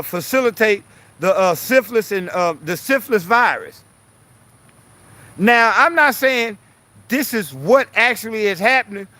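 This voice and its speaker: A man's voice: sits high, bright, forceful tone. A man ranting bluntly and profanely as a political commentary vlogger, repeating himself to press his point.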